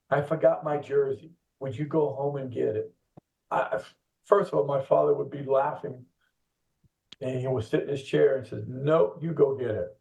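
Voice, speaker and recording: A man's voice: fairly high pitch, vocal fry, warm tone, echoey room. A middle-aged man who directs coaching at a youth soccer club, chatting casually on a podcast and acting out kids and parents with laughs as he tells stories. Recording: tinny phone-line sound, distant from the mic.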